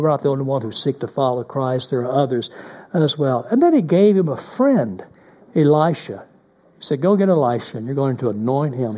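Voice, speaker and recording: A pastor preaching a sermon, moving between loud emphatic stretches and hushed, near-whispered passages. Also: male voice, a little high.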